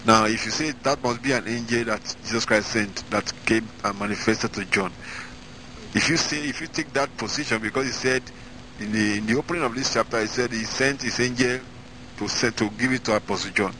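A man preaching as an evangelist, reading scripture slowly and with emphasis, then explaining it. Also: lowish voice, pushed and bright, slight background noise, rough recording. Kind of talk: Bible-reading sermon.

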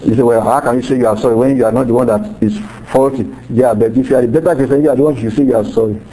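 A man's voice: medium pitch, steady tone, very fast, mellow, poor audio. A middle-aged man preaching a sermon in a conversational way, acting out little quoted exchanges as he teaches. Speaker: pastor.

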